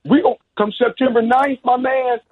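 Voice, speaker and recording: A brash male caller on a tinny phone line, boastful and talking over the host. His voice is husky and sits slightly high. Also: steady tone, moderate pace. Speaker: radio caller.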